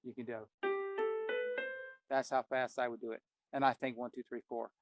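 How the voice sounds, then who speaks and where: Here a man teaches ear training at the piano in a relaxed way, calling out notes as he plays and musing aloud. He speaks at normal speed with a medium pitch and level tone, while loud piano playing sits behind his voice.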